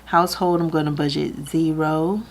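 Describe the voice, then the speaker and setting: In a low voice with fairly even intonation and normal speed, a budgeting vlogger talks casually to camera, doing her math out loud, laughing readily and occasionally close to crying. A little hiss or hum can be heard.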